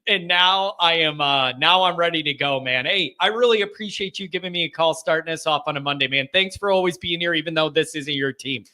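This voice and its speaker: A man hosts a live fan call-in show, chatting casually and breaking into laughter. His voice sits high and sounds very bright and forceful. He talks in an animated way, sometimes shouting as he mocks comments. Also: brisk, hardly any pauses. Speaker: host of a fan call-in livestream.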